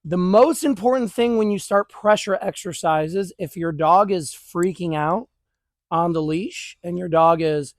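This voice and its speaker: A man with a fairly high voice talks viewers through a dog training drill outdoors, mixing calm explanation with quick praise for the dogs. The sound is dry and close, with little room around it. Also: no room sound. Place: outdoors near grass.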